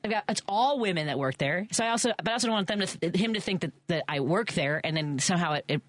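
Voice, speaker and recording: Lively-voiced woman radio host. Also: on the low side, fast, dry recording. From Chicago. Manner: animated storytelling, fired up. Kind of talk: casual radio chat. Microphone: studio mic.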